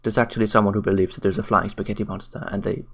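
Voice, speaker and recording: A commentary vlogger rants on camera late at night, tired, blunt, profane, and mocking. He talks very fast in a fairly low, level voice.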